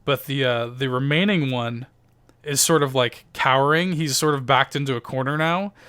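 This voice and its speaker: A man's voice: medium pitch, normal speed, bright, forceful tone, clear, resonant tone. A man narrating a tabletop role-playing game as game master, in a loose, chatty way full of fillers.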